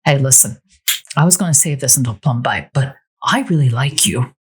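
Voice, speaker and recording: Woman reading a lovestruck man, earnest, pleading, husky, animated. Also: rumbling low, moderate pace, full character voice.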